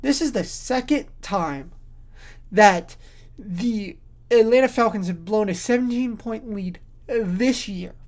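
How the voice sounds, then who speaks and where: A woman's voice: mid-range voice, slow pace, darkish tone. A woman hosting a casual solo sports podcast, giving opinionated, rambling commentary full of fillers and restarts, sleepy and yawning as she talks.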